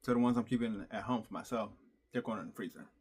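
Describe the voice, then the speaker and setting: A man telling a heartfelt story in a casual personal vlog, halting often with fillers and restarts. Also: on the low side, a little mellow, breathy edge. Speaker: vlogger.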